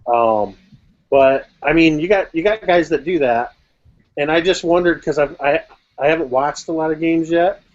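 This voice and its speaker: A man's voice: fairly high pitch, moderate pace, no echo. A man who runs tabletop games, chatting casually and hesitantly and often repeating words. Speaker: game master and host. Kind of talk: casual chat. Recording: dull lo-fi call.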